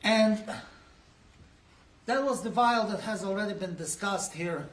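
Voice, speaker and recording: A man's voice: high voice, measured pace, a bit bright. A man working as a defense attorney, cross-examining a witness in a courtroom with pressing, leading questions.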